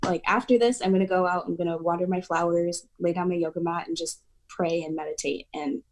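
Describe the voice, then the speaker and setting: A woman's voice: fairly low pitch, steady tone, brisk, a little hiss or hum. A woman guest on an acting podcast, talking in a heartfelt, emotional way. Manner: emotional, heartfelt, speaks of near tears. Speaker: podcast guest, aspiring actor. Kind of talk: casual chat.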